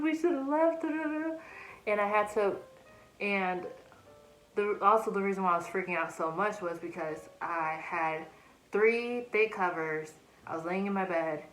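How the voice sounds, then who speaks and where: A woman's voice: lowish voice, fairly bright tone, echoey room, poor audio. A young woman in a casual storytelling vlog, chatting animatedly and acting out quoted asides, recorded on a phone. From United States. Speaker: vlogger. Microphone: phone camera.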